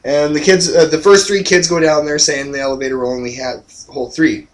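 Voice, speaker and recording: A man's voice: a little high, brisk, poor audio. Young man animatedly retelling a movie plot. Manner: animated storyteller, acts out characters' lines. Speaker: movie review co-host. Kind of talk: casual chat recapping a film plot.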